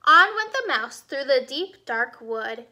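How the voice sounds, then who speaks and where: Brief: young woman teacher, children's read-aloud, high and bright, cheerful quizzing. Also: very animated, takes it slowly. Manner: cheerful question-and-answer teaching.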